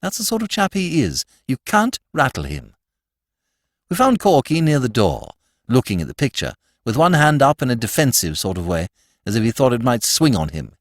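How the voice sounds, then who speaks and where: A man reading a story aloud as a podcast narrator, telling it in an expressive, animated way. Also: medium pitch, normal speed, dry recording, studio quality. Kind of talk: scripted audiobook narration.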